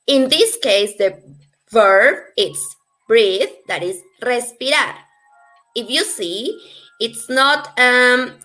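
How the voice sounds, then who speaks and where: Woman teacher, slow n patient, bright high-ish voice, soft music behind. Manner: patient, repeats phrases slowly for learners. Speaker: Spanish teacher. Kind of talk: slow explanatory language lesson.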